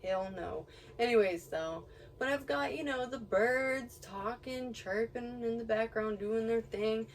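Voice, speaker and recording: A woman's voice: fairly high pitch, a little slow. A young woman vlogging outdoors, giving a casual, rambling motivational rant full of swearing and laughing asides. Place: outdoors near home, birds around. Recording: distant mic with faint background noise.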